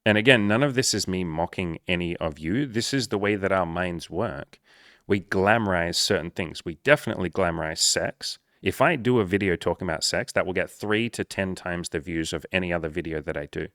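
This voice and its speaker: A man's voice: sits low, brisk, a bit bright, no echo, studio quality. A man coaching his viewers in casual talk to camera, playful and mock-formal at times, swearing freely. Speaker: dating and life coach.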